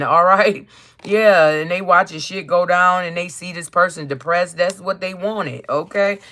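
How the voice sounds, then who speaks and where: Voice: medium pitch, bright, forceful tone. A tarot reader streaming live who talks bluntly and profanely, ending nearly every phrase with "okay?" and reading card meanings out as lists of keywords.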